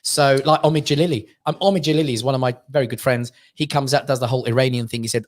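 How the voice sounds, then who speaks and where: A man's voice: mid-range voice, fairly even intonation, very fast, hardly any pauses. A male comedian telling funny stories as a guest in a studio interview. He acts out voices and laughs often. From Armenia. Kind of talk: chatty anecdote-telling interview. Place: London studio.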